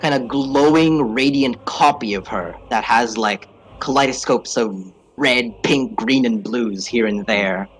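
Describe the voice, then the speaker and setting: A man narrating as game master in a casual way, with fillers, drawn-out phrasing. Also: mid-range voice, a little hiss or hum, low-quality recording.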